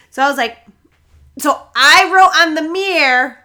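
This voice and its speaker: Bright-voiced young woman, laughing. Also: high-pitched, normal speed. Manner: interjects corrections, laughs while telling. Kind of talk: casual storytelling chat.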